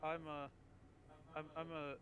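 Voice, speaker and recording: A man's voice: on the high side, level tone, measured pace. Stammering man playing a tabletop game. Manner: hesitant, stammering. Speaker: player. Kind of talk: in-character tabletop play.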